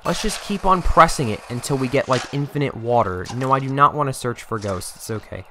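Bright-voiced man swearing through gameplay. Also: medium pitch, fairly quick, slight background noise. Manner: profane, exasperated running commentary; jokey, talks to the game character. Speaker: gaming channel host. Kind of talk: gameplay commentary.

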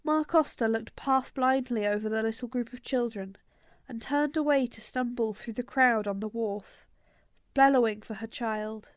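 A woman reading a novel aloud as an audiobook in a steady storytelling manner. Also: on the high side, moderate pace, no room sound. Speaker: audiobook reader. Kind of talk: audiobook narration.

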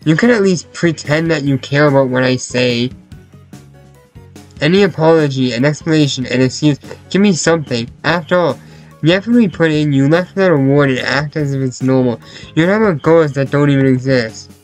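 A man voicing an angry young female classmate who demands to be heard, in a sharp, raised voice, over faint music. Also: on the high side, brisk, close to an everyday voice, poor audio. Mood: scolding. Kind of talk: visual novel voice acting.

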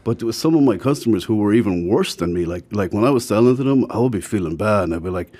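Here an Irish-accented man talks quickly in a fairly low voice, a guest sharing casual stories. His manner is frank, and he livens up whenever he mimics the people he's quoting.

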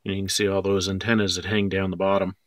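A man's voice: low voice, level tone, fast, a bit bright, no echo, clean studio sound. A man casually talking through his scale model build, wry and self-deprecating about his mistakes.

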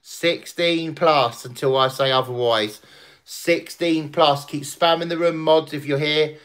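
A man's voice: on the high side, steady tone, unhurried, fairly bright tone, clear, resonant tone. A man hosting a casual livestream, crude, swearing and boisterous. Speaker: livestream host.

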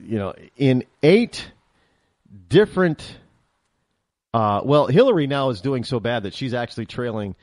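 A man hosting a political talk show, giving an animated opinion monologue and often repeating and restarting his words. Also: medium pitch, dry recording, clean studio sound.

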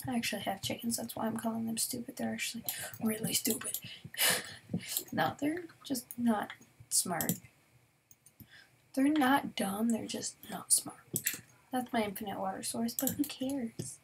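Chatty young woman gaming, slightly high. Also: measured pace, creaky, long pauses, background noise. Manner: chatty, talks straight to viewers, often drops to a whisper. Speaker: gaming YouTuber. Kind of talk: casual Minecraft let's-play commentary.

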